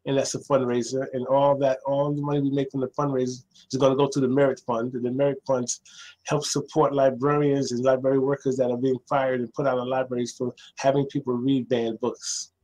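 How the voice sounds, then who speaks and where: A middle-aged man, a librarian guest, telling stories in a lively conversational way and acting out the voices of people he quotes. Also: fairly quick, poor audio. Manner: acts out quoted voices, jumping much higher. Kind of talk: animated storytelling in conversation.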